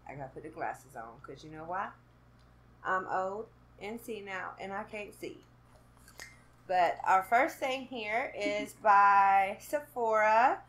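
A woman's voice: medium pitch, fairly bright tone, slight background noise. A woman from Kentucky, chatting to camera in a casual unboxing vlog, nervous and giggly. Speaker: vlogger doing an unboxing.

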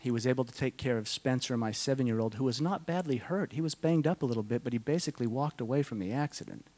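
A middle-aged man speaking to a conference audience, telling a personal story in a slow, halting, deeply emotional way, often dropping to a hush. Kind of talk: personal testimony talk to an audience. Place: conference hall.

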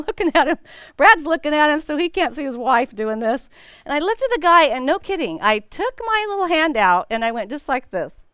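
A woman's voice: on the high side, fairly bright tone, clean tone, no echo, studio quality. A middle-aged woman teaching a women's Bible study, telling a personal story in a chatty way and laughing often.

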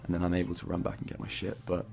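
Low-voiced man swearing through gameplay commentary. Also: level tone, rapid-fire, gravelly, a little mellow, faint music behind. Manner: swears often, loose rambling narration with fillers. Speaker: gaming YouTuber narrating his own gameplay.

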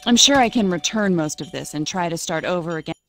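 Flustered, stammering game hostess. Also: female voice, lowish voice, lively intonation, fast talker, a bit bright, soft background music. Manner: flustered, stammering, keeps smoothing things over. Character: anxious hostess wife in a tense marriage. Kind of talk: video game dialogue.

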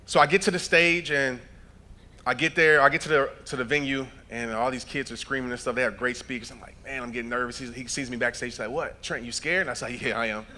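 A man in his thirties giving a motivational keynote speech on stage, telling stories with acted-out dialogue and building up to shouted points. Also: mid-range voice, fairly even intonation, quick pace. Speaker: motivational speaker. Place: large event hall.

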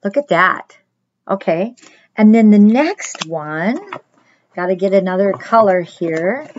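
A middle-aged woman, a children's pastor, giving a chatty crafts lesson and speaking straight to the children in a gentle way. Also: medium pitch, expressive, slow pace, lo-fi sound, a little hiss or hum.

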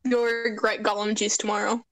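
A woman's voice: mid-range voice, little pitch movement, moderate pace, a bit bright, no echo. A woman co-hosting a casual podcast, teasing the others and giggling. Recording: crowd chatter in the background.

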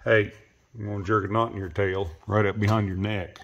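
A man filming his pets and talking to them casually, coaxing and scolding, and jumping into high baby talk. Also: flat delivery, brisk, creaky, a bit bright, muffled recording. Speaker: pet owner filming his animals.

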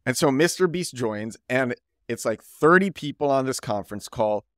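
A man hosting a solo podcast, telling stories with energy and quickly voicing the friends he quotes. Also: mid-range voice, expressive, a bit bright, dry recording, studio quality. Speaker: podcast host.

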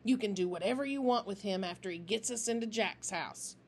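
A woman voicing a volatile gang leader who talks low and menacing with icy composure. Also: brisk, a little mellow, slight background noise, natural voice. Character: volatile, cold-blooded male gang leader.

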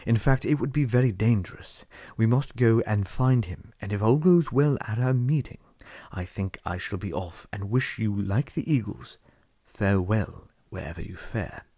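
A man reading as a stern old wizard, low and dark. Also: husky, no room sound, clean studio sound. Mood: grave. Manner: measured, cross, lecturing.

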